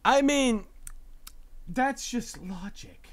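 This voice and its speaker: Animated man streaming a game. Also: extremely high pitch, drawn-out words. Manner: animated, stammers and restarts. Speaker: streamer and voice actor. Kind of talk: casual gaming live-stream chat.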